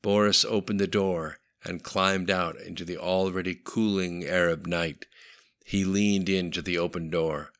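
A man narrating a novel audiobook in a steady, matter-of-fact way. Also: sits low, unhurried.

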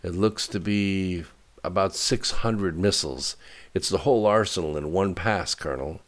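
A man voicing a tense military technician who reports in a quick, clipped way. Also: low-pitched, lightly acted. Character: tense male military technician at his screen.

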